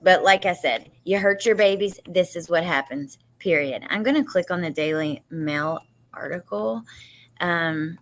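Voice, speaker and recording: A woman's voice: on the low side, a little slow, slight background noise, low-quality recording. A woman hosting a casual true crime livestream, chatting with viewers, laughing often and a little emotional. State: emotional, near tears. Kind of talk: casual livestream chat reacting to news and viewer comments.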